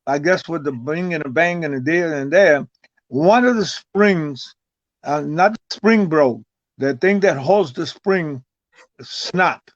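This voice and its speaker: A man's voice: a little high, slow pace, dry recording. An older man, a guest on an interview, telling a long story in a rambling way, often stumbling and repeating words. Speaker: guest, retired wrestler. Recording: dull, lo-fi, dry sound.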